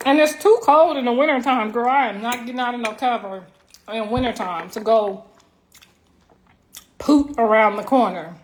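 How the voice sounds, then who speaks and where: A woman hosting a casual livestream, telling loud, laughing, slangy stories. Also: on the high side, normal speed, slight background noise. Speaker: livestream host. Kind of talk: casual live-stream chat.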